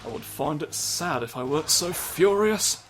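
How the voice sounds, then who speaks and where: Man riffing over loud game music. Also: on the high side, animated, normal speed. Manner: absurd, rambling, swears, sudden silly voices. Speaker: gameplay commentator. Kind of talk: comedic let's play commentary.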